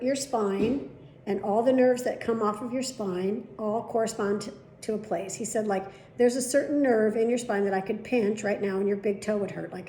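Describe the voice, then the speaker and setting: A woman's voice: mid-range voice, mellow, echoey room, slight background noise. A middle-aged woman vlogging casually, telling a long story with plenty of swearing and acted-out dialogue. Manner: chatty, swearing, retelling dialogue. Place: at home.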